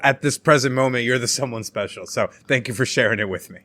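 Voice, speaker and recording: A man's voice: medium pitch, quick pace, bright, forceful tone. A man hosting his own podcast, chatting loosely with a guest and then reading out the show's announcements. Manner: loose, joking, a little tipsy from shots. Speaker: podcast host. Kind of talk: casual chat and show announcements.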